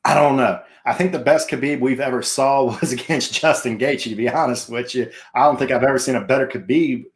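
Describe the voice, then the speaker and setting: A man's voice: medium pitch, fairly quick, hardly any pauses. A man hosting a casual sports talk show, chatty and jokey, tossing questions to his co-host and viewers.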